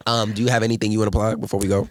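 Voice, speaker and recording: A young man hosting a casual podcast, telling stories in a profane, animated way. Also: fairly low pitch, rapid-fire, background noise. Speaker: podcast host. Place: indoor studio.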